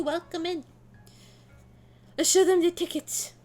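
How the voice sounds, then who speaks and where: Excitable, high-voiced woman streamer. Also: moderate pace. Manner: excitable, swearing, laughing often. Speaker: streamer reacting to a game. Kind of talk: casual reaction commentary.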